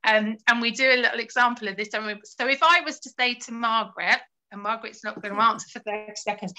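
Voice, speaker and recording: Woman, fairly high voice, encouraging parent advice, live Q&A. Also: fairly even intonation, fast, hardly any pauses, bright, forceful tone, poor audio. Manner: encouraging, acts out phrases to children. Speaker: early years family support worker.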